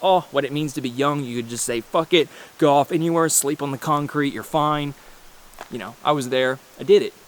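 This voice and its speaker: A man's voice: on the high side, brisk, slight background noise. A man in his thirties giving a casual, rambling rant to camera, blunt and full of swearing, with frequent restarts. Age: 30s. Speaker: vlogger. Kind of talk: casual ranting monologue.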